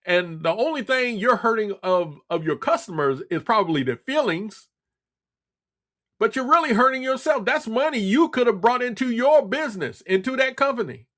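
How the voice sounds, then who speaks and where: A man's voice: very high voice, expressive, moderate pace, sharp tone. A man hosting a radio talk show, delivering a blunt, scolding political monologue with lots of repetition. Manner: blunt, scolding, repeats himself.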